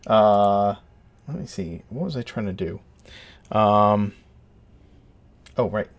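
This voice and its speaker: A man's voice: lowish voice, slow, muffled recording. A man running a tabletop game as dungeon master, narrating hesitantly with many ums and uhs.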